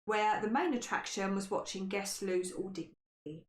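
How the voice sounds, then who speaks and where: Brief: woman, podcast quiz host, mid-pitched voice, casual read, trips over words. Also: normal speed. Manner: stumbles on hard words. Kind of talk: casual podcast chat, reading quiz questions. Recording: echoey room, faint noise.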